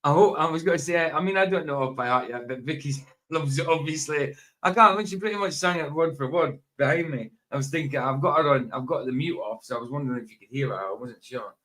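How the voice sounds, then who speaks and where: A man hosting a casual livestream chat, talking in a halting way with many pauses, fillers and self-corrections. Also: on the high side, a bit bright. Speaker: livestream host.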